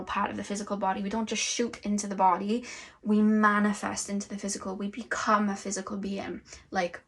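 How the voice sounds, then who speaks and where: A woman giving an intuitive tarot reading, talking in a flowing, rambling way with many fillers. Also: medium pitch. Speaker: tarot reader and energy channeler.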